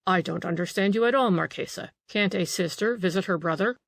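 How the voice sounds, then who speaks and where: A woman reading the part of a charming, playful young gentleman who coaxes and teases. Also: fairly low pitch, a little fast, gravelly, no room sound. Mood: coaxing. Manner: coaxing, playful, demure. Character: charming, teasing young gentleman invalid, man.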